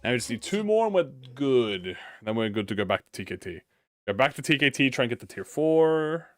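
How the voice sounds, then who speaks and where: A young man giving casual let's-play commentary, excitable and slangy, swearing freely as he thinks out loud. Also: mid-range voice, fairly quick, dry recording. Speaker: gaming YouTuber. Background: faint game music.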